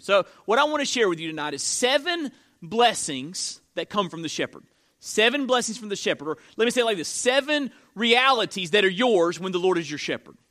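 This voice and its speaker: A man's voice: high-pitched, bright, forceful tone. A man, a pastor, preaching an earnest sermon, often repeating phrases and restarting his sentences.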